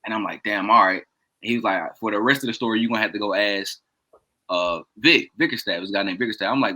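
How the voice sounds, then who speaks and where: A man with a bright, forceful voice spins a rowdy story for his friends in casual chat. He laughs a lot between lines and voices the people in his tale. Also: on the low side, fast, rough recording. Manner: animated, laughs often, acts out quoted dialogue. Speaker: podcast co-host telling a story.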